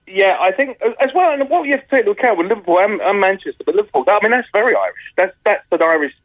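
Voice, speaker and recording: Lively comedian talking down a phone line. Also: male voice, high-pitched, very fast, no room sound. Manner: animated, laughs often, slips into mimicked accents. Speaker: touring comedian. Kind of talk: phone interview on radio. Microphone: telephone.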